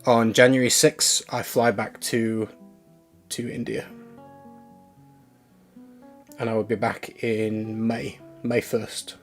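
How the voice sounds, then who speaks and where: Man, casual live-stream talk, thinks aloud, chats to viewers, mid-pitched voice, faint music behind. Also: level tone, takes it slowly.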